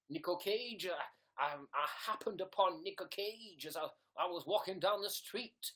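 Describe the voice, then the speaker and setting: A man's voice: high voice, moderate pace, pushed and bright. A young man, chatting casually and playfully on a livestream while reading viewer comments aloud. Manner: silly, playful. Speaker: livestream host.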